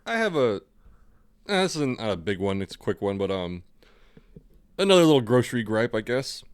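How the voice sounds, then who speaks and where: A man's voice: medium pitch, very animated, normal speed, clear, resonant tone, no room sound, clean studio sound. A man co-hosting a podcast, telling rambling stories in casual chat, acting out his own thoughts and swearing freely. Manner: rambling anecdotes with acted-out inner voice, casual swearing. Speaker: podcast co-host.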